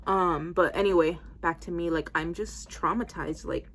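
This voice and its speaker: A woman's voice: fairly low pitch, fairly even intonation, normal speed, a bit bright. A woman in her twenties telling a story casually to camera, full of "like" and "um", while doing her hair. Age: 20s. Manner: rambling, heavy use of "like" and "um". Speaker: vlogger.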